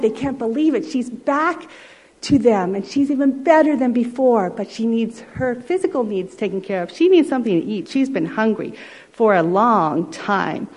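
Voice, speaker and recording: A woman preacher giving a sermon as a story, gentle and often dropping to a soft hush. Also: a little high, rough recording.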